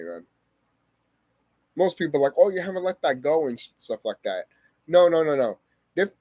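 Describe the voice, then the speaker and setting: A man's voice: on the high side, a little mellow, dry recording. Heated, profane man telling his story. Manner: profane, heated, emphatic, repeats phrases. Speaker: vlogger. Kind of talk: emotional personal storytelling to camera.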